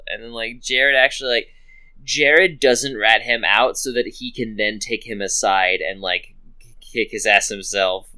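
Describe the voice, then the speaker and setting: A man's voice: on the low side, fairly even intonation, unhurried, bright, forceful tone, smooth. A man co-hosting a podcast, chatting casually with dry, laid-back reactions and jokes. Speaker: podcast co-host. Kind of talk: casual chat.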